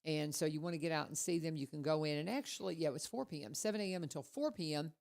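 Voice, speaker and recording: A woman hosting a casual radio chat, telling stories in a chatty, animated way. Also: low voice, fast talker, gravelly. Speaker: radio host.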